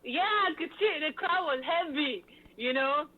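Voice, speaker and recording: A woman event host telling stories in an animated, hyped way, full of fillers, in a casual interview. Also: high-pitched, measured pace, crowd noise. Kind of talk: lively interview chat. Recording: tinny phone-like line.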